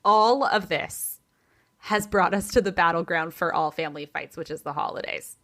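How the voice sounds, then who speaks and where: A woman's voice: on the low side, moderate pace. A woman hosting a podcast, casually telling a family gossip story and acting out the people in it, saying "like" a lot. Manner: animated storyteller who acts out the people in her story; chatty, heavy use of "like". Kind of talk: casual chat.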